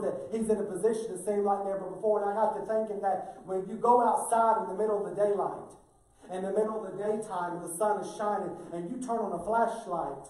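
A man's voice: high voice, a little mellow. Folksy, emphatic man preaching in an echoey hall. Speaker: pastor. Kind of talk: sermon. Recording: very echoey, mic far off.

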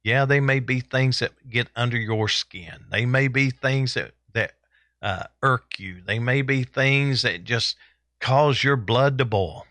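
A male preacher delivering a sermon at an unhurried pace. He leans on repetition to drive his points home. The recording is dry, with little room sound. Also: mid-range voice, a bit bright, dry recording. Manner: deliberate, repeats phrases for emphasis.

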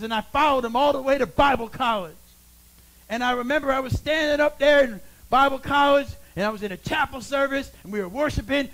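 A middle-aged pastor preaching a sermon, swinging from loud calls to hushed, quiet lines. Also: male voice, very high voice, low-quality recording.

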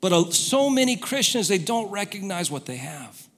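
A man preaching a sermon, telling stories and moving between quiet asides and loud exhortation. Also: high voice, very animated, moderate pace. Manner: storytelling, swings from soft to loud exhortation. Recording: long hall reverb.

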